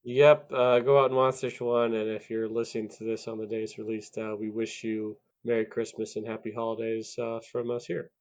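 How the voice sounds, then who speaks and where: A man's voice: fairly low pitch, little pitch movement, fairly quick, few pauses, darkish tone. A man from Iowa co-hosting a movie podcast, answering in short, dry quips. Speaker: podcast co-host. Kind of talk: casual movie chat.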